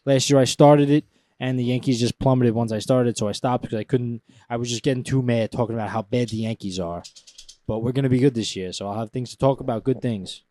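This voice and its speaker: A man's voice: medium pitch, fairly even intonation, quick pace, mellow, dry recording. A man co-hosting a podcast in casual chat, rambling and often stopping mid-thought. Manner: loose, rambling and self-interrupting. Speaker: podcast co-host.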